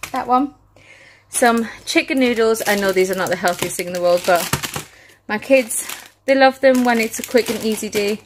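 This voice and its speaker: A woman's voice: on the high side, moderate pace, background noise. A woman with a British accent chatting casually on her vlog, listing items one by one and a little out of breath. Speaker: family vlogger.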